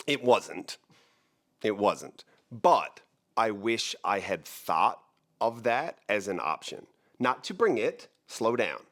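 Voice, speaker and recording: A man's voice: fairly low pitch, fairly bright tone. A man who hosts a real estate show, chatting casually to the camera in a rambling, joking way, often breaking off mid-sentence. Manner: rambling, joking, self-interrupting.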